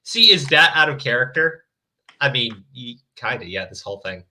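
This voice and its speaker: A man's voice: mid-range voice, expressive, normal speed, sharp tone. A man hosting a stream, reading fan fiction aloud with mocking, profane commentary. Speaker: stream host.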